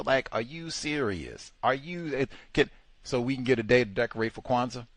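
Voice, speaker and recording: A man hosting a talk radio show, talking in a sarcastic, exasperated and animated way. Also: medium pitch, normal speed, no room sound. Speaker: radio host. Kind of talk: casual talk radio commentary.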